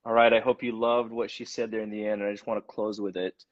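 A man's voice: fairly low pitch, level tone, fast talker, no room sound. A man from Hawaii hosting an Instagram Live interview, emotional and effusive in his thanks. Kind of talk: casual interview chat. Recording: dull lo-fi livestream audio.

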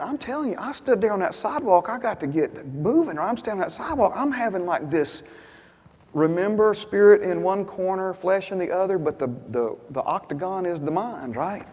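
A man preaching a sermon as a story, swinging from hushed asides to loud, emphatic bursts. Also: sits high, slightly rough. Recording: long hall reverb.

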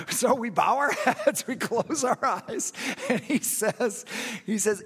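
A man preaching a sermon, telling stories and acting out quotes, animated, laughing at himself. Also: very high voice, slow, husky. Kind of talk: sermon storytelling. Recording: long hall reverb.

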